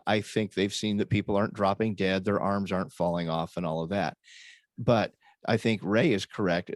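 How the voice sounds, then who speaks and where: A man speaking as a panelist in a casual chat, measured, with dry sarcastic humor. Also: fairly low pitch, a little mellow, no room sound.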